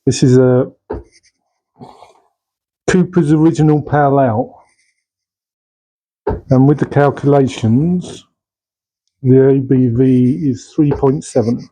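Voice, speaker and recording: A man chatting casually as he brews and pours his own beer in a home bar shed, relaxed and asking tag questions. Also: mid-range voice, slow, pauses often, poor audio. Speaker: home brewer. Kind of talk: casual how-to chat. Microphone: camera mic, held by a helper.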